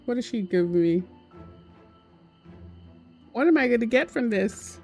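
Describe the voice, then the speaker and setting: A woman's voice: on the high side, lively intonation, a little slow, darkish tone, faint music behind. A woman in her forties chatting casually with her stream chat while gaming, giggly and explaining things to viewers. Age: 40s. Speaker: game streamer.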